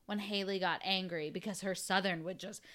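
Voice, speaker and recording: Bright-voiced young woman co-host. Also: medium pitch, fairly even intonation, a little fast. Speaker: podcast co-host. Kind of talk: casual chat.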